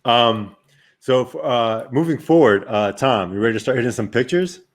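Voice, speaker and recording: A man's voice: medium pitch, animated, normal speed. A man hosting a casual podcast chat, loose and playful, swearing freely. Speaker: podcast host.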